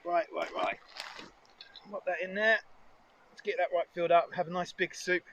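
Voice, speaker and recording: A man's voice: sits high, steady tone, normal speed, fairly bright tone, lo-fi sound, slight background noise. A man chatting casually and cheerfully while cooking outdoors for a foraging vlog. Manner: chatty, upbeat, muses aloud. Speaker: foraging vlogger. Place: outdoors in nature.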